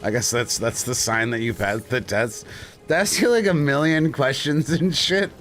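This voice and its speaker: A man's voice: mid-range voice, normal speed, slight background noise. A man streaming live, chatting casually and telling stories with lots of swearing and frequent laughter. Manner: animated, swearing storyteller who laughs often.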